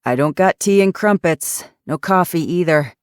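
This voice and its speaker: A woman voicing a grumpy retired male detective in his sixties, hoarse, with a Yooper twang and curt, suspicious speech. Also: a little high, normal speed, no echo, clean studio sound, lightly acted. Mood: gruff. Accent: Yooper (Upper Michigan). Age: 60s.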